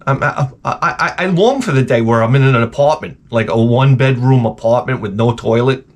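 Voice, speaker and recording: A man telling a comedic rant in a lively, swearing storytelling manner, in a garage workshop. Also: medium pitch, fairly quick. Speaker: video host.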